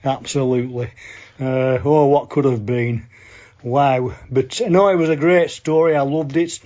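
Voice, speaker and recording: A man's voice: mid-range voice, fairly even intonation, a little slow, a little mellow, highs cut off, lightly acted. A man doing a chummy, cheery podcaster. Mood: cheerful. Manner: chummy, tags lines with "okay?". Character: cheery chatty adult man, fellow podcaster. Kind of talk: impression of a friend giving feedback.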